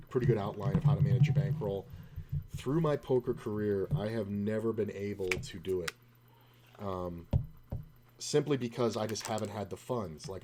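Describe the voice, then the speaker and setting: Male streamer, lowish voice, casual and rambling, a bit deflated; faint typing in the background. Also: noisy background. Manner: rambling, self-interrupting, quotes others in his own voice. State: discouraged, low-key. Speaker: poker streamer. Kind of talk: casual storytelling while playing.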